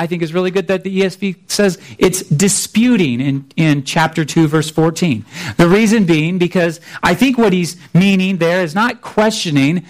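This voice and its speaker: A man preaching a sermon in a conversational way, often restarting his sentences. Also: high voice. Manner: conversational, restarts often, acts out voices of biblical figures. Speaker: pastor.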